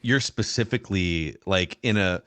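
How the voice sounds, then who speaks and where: A man with a lowish voice co-hosts a casual football podcast, recorded close and dry. He speaks conversationally, adding analysis and moving the show along. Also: moderate pace, fairly bright tone, clean tone, no room sound. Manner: conversational, adds analysis, steers to audience questions. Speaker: podcast co-host. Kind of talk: casual sports podcast chat.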